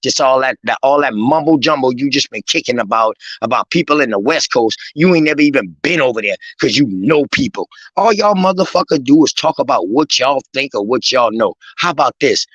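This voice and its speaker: A man, swearing and shouting down others in a heated argument on a live stream. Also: mid-range voice, expressive, a little fast, hardly any pauses, breathy edge, no echo, lo-fi sound. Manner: angry, profane, confrontational.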